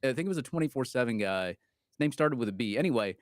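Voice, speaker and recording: A man's voice: medium pitch, expressive, rapid-fire, no echo, studio quality. A man co-hosting a casual sports podcast, rambling with small laughs between points. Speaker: co-host.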